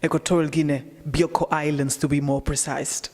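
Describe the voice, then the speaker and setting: A woman's voice: deep voice, level tone, a little fast, darkish tone, big-room sound. A young woman from Spain, a language teacher answering interview questions earnestly, often repeating words as she searches for them. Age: young adult.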